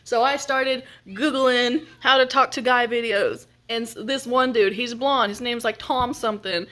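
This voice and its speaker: A young woman chatting casually at home, ranting and telling stories in an animated way with lots of mild swearing and laughter. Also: a little high, moderate pace, few pauses, poor audio. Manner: animated, swears and laughs a lot, acts out quotes. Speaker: vlogger. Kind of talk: casual complaining chat. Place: home, on the couch.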